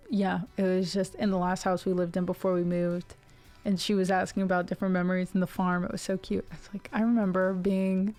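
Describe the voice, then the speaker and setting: A woman's voice: mid-range voice, a little mellow. American woman in her 20s just chatting on stream, goes off on tangents, um like a lot, faint music in the back. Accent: neutral General American. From Ohio, USA. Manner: rambling, chatty, full of tangents and fillers. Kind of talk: casual chat to a live stream.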